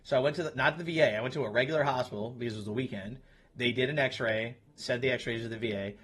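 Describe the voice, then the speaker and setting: A man's voice: medium pitch, quick pace, fairly bright tone, husky. Blunt, profane man in his thirties. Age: 30s. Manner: blunt, profane, talks to chat. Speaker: streamer. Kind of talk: casual chat with viewers. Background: music.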